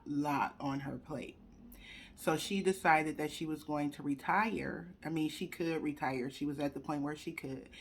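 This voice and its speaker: Young woman, emotional testimony, talks straight to viewers, holding back tears, webcam at home. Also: deep voice. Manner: chatty, addresses viewers directly. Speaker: vlogger sharing a personal story. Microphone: computer webcam.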